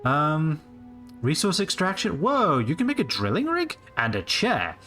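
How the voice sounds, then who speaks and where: A man's voice: fairly high pitch, wildly swooping pitch, a little slow, sharp tone, faint music behind. A man in his late twenties giving rambling, casual live commentary on a game he is streaming, swearing freely as he goes. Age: late 20s.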